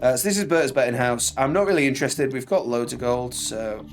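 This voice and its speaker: A man's voice: mid-range voice, a little fast. A man hosting a let's play, chatting casually and reading game text aloud with dry asides. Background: loud game music.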